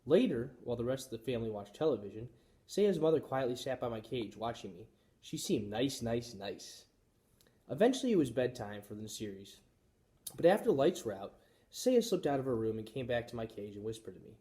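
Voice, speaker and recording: Expressive male teacher reading aloud. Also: medium pitch, brisk. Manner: expressive storytelling. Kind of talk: reading a children's chapter book aloud.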